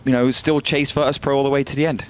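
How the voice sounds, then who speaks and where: A man's voice: medium pitch, level tone, fast talker. A man casting an esports match as an analyst, talking in a chatty way with plenty of fillers and restarts. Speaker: esports caster. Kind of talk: casual play-by-play analysis.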